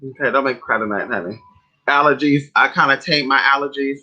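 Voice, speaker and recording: A man's voice: mid-range voice, brisk, sharp tone, highs cut off. Brassy, profane man spinning a story. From California. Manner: profane, dramatic, calls listeners "honey" and "y'all". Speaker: spiritual livestream host. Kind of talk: casual storytelling to a live chat.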